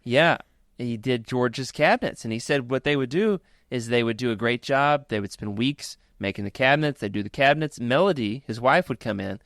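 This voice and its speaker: A man on a casual podcast telling an anecdote in an animated way. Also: medium pitch, brisk, dry recording, studio quality. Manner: animated storyteller.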